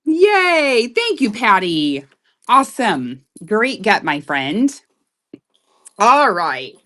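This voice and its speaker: A woman selling jewelry on a live stream in loud, excitable, chatty talk that keeps breaking into laughs. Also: medium pitch, extremely slow. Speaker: live online jewelry seller. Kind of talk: casual live-sale chat.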